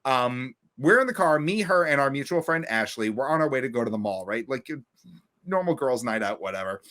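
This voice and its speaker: A young man from Long Island, co-hosting a podcast and telling stories in a casual, animated way, acting out his friends' lines. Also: brisk. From Long Island, New York. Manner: animated, acts out friends' voices with big jumps in pitch. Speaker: podcast co-host. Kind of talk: casual storytelling chat. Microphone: remote podcast call.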